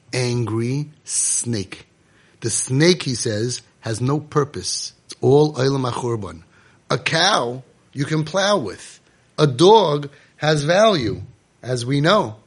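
A man's voice: mid-range voice, slightly rough. A man giving an impassioned Torah sermon to parents, emphatic and repetitive as a speaker and guide.

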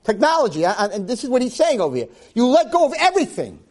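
A man, a rabbi, giving a lively Torah class, acting out quotes and dropping Hebrew phrases into his English. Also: very high-pitched, fast. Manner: animated, acts out quotes and shouts for emphasis. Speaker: rabbi and teacher.

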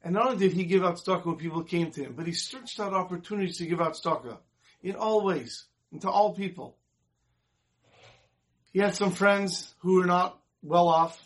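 A man telling a Torah story in a calm, earnest way, briefly giving voice to the people in it. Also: sits high. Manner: earnest storyteller voicing characters.

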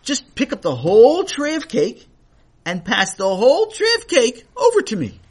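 A man's voice: extremely high pitch, wildly swooping pitch, normal speed, husky, pitched above the performer's own voice, full character voice. A man voicing a polite, persistent young male Torah scholar in a children's story, with a coaxing, questioning manner. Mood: cheerful pleading.

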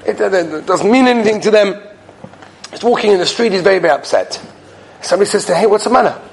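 A man with a high voice delivers a weekly Torah talk. He tells stories and acts out their characters as he goes, mixing Hebrew and Yiddish terms into his English. There is a faint bit of room noise behind him. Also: expressive, fast, vocal fry. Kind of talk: sermon with stories.

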